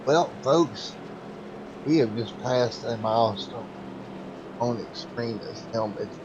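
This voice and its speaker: A hoarse man doing excitable, rambling race commentary over a sim race, with many fillers. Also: medium pitch, measured pace, muffled recording, background noise.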